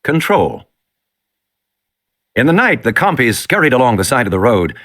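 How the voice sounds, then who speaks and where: A man reading an audiobook in an expressive, dramatic narration. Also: mid-range voice, moderate pace.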